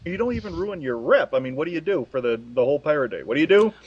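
A man's voice: a little high, sing-song, very fast, slightly rough. A man co-hosting a casual gaming podcast, telling stories in an easygoing way with chuckling asides. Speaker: podcast co-host. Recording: dull lo-fi recording.

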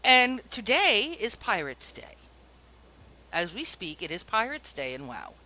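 A woman's voice: mid-range voice, big pitch swings, unhurried, sharp tone. A woman co-hosting a casual gaming podcast, playfully grumbling and laughing often. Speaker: podcast co-host.

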